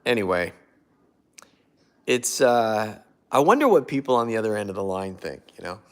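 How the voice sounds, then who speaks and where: A man's voice: fairly low pitch, very animated, normal speed. A man hosting a casual live stream on his phone, chatting and reading viewer comments aloud. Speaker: prank video host.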